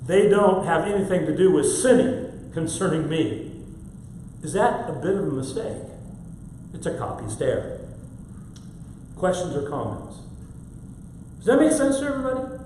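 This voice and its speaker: Man, Bible class teacher, fairly high voice, very roomy church recording. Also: a little mellow. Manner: explains step by step, asks the class questions. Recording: very echoey room, faint hum.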